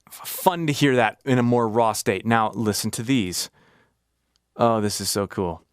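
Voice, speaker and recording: A man's voice: fairly low pitch, a little slow, clean tone, dry recording, clean studio sound. A man hosting a casual music breakdown, talking enthusiastically and analytically over the song he is playing. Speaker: music reaction host.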